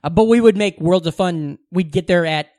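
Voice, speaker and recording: A man's voice: high voice, normal speed, dry recording, studio quality. A young man co-hosting a podcast, chatting casually and telling stories with lots of swearing. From Omaha, American Midwest. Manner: animated storyteller, swears freely. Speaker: podcast co-host. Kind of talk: casual chat.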